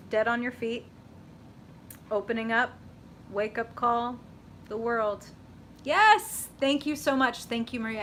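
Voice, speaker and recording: A young woman hosts a live tarot reading, chatting with viewers in an animated, casual way, swearing freely and saying "like" often. Her voice sits on the high side, and there's a little hiss or hum in the background.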